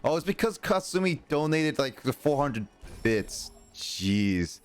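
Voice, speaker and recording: A man's voice: on the high side, lively intonation, normal speed, faint music behind. A man chatting casually with his viewers while playing a game on a livestream, rambling and reacting as he goes. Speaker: streamer. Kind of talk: casual gameplay livestream chat.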